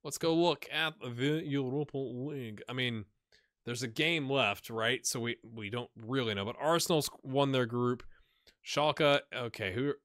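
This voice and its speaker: A man's voice: mid-range voice, unhurried, a bit bright, no room sound, studio quality. Chatty man thinking aloud over a game. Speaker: gaming channel host. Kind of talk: casual let's-play commentary.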